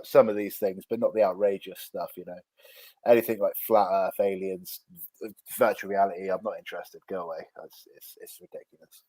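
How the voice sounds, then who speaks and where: A man speaks in a fairly low voice during a casual live chat as a co-host or guest. He talks in a relaxed way, letting his phrases trail off softly. The sound is dry, with no room echo.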